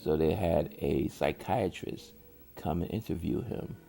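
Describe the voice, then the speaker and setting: A man's voice: a bass voice, unhurried, gravelly, dark tone. A man casually narrating a horror story in a drawling, colloquial way with loose grammar.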